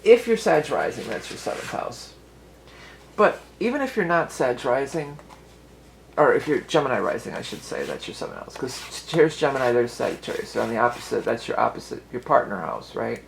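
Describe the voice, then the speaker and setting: Gravelly, chatty woman reading tarot. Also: rumbling low, very animated, fairly quick, slight background noise, poor audio. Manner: chatty and rambling, often restarting sentences. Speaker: tarot and astrology reader. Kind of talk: casual tarot reading for viewers.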